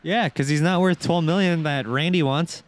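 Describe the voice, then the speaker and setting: A man's voice: fairly high pitch, normal speed. A man co-hosting a casual hockey podcast, teasing the others with sarcastic, swearing jabs. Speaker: podcast co-host.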